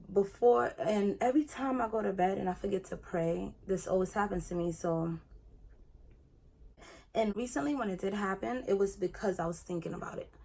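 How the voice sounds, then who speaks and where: A young woman in a casual get-ready-with-me vlog, talking in a chatty, animated way while she does her makeup. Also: medium pitch, vocal fry. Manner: chatty and animated, retelling her own experience. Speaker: beauty vlogger.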